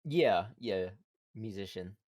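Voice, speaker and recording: A man's voice: lowish voice, animated, takes it slowly, darkish tone. A man being interviewed on a livestream, friendly and giggly, who often stammers and repeats his words. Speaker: guest streamer being interviewed. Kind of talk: casual livestream interview chat.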